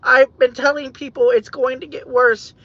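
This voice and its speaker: A woman vlogging in a car, talking in an emotional, halting, rambling way, repeating herself and saying "man" a lot. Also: sits high, level tone, dry recording. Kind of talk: emotional off-the-cuff monologue. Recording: dull, dry lo-fi audio.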